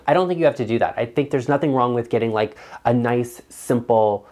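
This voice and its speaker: A man's voice: mid-range voice, fast talker, few pauses, darkish tone. A man vlogging about home design, speaking bluntly and emphatically straight to the viewer. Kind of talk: opinionated talk to camera.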